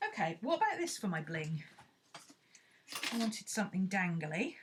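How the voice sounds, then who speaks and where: A woman's voice: medium pitch, very animated, moderate pace, slight background noise. A woman chatting casually and playfully, thinking aloud as she works on a craft project. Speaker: craft vlogger.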